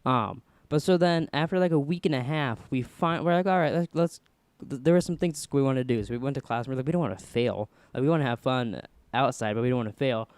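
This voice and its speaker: A man's voice: fast talker, hardly any pauses, clear, resonant tone, no room sound. A young man hosting a podcast, telling a story casually and acting out the people in it. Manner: animated, voices quoted people with pitch jumps. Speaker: podcast host.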